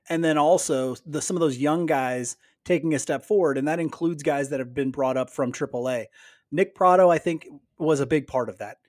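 A man co-hosting a casual sports podcast, talking in a halting way with frequent restarts. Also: fairly high pitch, a little mellow, no echo, clean studio sound. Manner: halting, many restarts and fillers. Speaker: podcast co-host.

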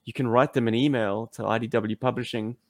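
A man co-hosting a podcast in casual chat, mixing wry teasing with an earnest appeal to listeners. He laughs often. His voice sits at an ordinary pitch and sounds dry and close, with no room around it. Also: fairly even intonation, fairly quick, dry recording. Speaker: podcast co-host.

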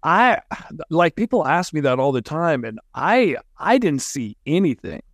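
Halting male podcast host. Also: a little high, very animated, no room sound, clean studio sound. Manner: halting, searching for words with many fillers. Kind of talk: interview questions.

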